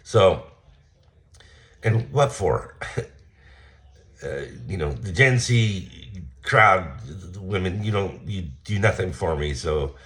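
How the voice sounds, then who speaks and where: A man's voice: deep voice, animated, slow pace, pauses often, a bit bright. A man casually telling a story in a blunt, profane rant, acting out his heated replies. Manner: blunt and profane, retelling a confrontation with heated quoted lines. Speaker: vlogger.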